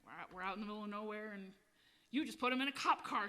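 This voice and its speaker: Between songs, a woman singer-songwriter tells a loose, profane story from the road, laughing often and tossing in quick asides. Her voice is mid-range with a sharp tone.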